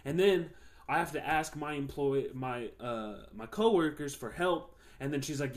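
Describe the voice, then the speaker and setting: A man's voice: medium pitch, normal speed. A young man hosting a podcast, ranting heatedly and profanely about his job in a casual solo monologue. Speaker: podcast host.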